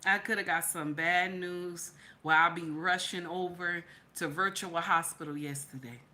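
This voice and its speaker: A woman's voice: fairly low pitch, fairly even intonation, a little slow, bright, forceful tone. A woman hosting a live vlog, speaking emphatically and repeating herself, tearful after crying. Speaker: channel host. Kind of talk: live-stream reaction vlog.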